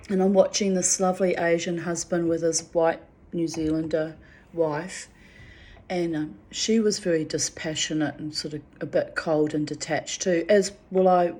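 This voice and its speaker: A woman's voice: low-pitched, fairly even intonation, normal speed, mellow. A middle-aged woman recounting personal memories in a candid, rambling way. She talks frankly, swears freely and restarts her sentences often. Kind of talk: candid spoken reflection.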